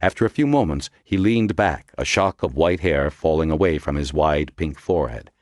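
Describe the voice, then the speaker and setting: A man narrating an audiobook in a measured, expressive storytelling manner. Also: a bass voice, dry recording, clean studio sound.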